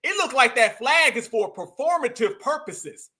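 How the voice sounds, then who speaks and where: Bright-voiced man ranting commentary. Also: very high-pitched, moderate pace. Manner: animated, preachy, calls audience "fam", mocks voices. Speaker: commentary host. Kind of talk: reaction commentary on clips.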